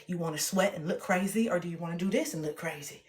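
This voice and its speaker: Sassy, laughing woman streamer. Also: on the low side. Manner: playful and sassy, with frequent laughter and drawn-out self-talk. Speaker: livestreamer and self-help author. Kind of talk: casual livestream chat reading from her book.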